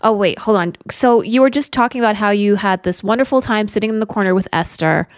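A woman's voice: mid-range voice, fast talker, no echo, studio quality. Woman recapping a friend's story. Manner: recaps and reflects back the story. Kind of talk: casual chat.

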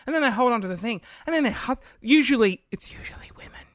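A woman of thirty rants through a casual podcast monologue, exasperated and swearing freely as she acts out little scenes. Her pitch swoops up and down with lively animation. The recording is dry and close, made at home beside her computer. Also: quick pace, few pauses, no echo. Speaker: podcast host.

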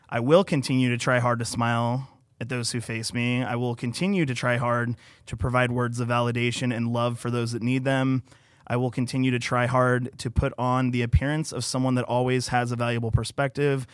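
An earnest man talking quietly on a podcast, at times reading aloud something he wrote himself. His voice sits at a middle pitch. The recording is dry and close, as from a studio microphone. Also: little pitch movement, moderate pace, clear, resonant tone, no room sound. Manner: earnest, soft-spoken, reads his own writing aloud. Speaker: podcast engineer. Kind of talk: casual podcast conversation.

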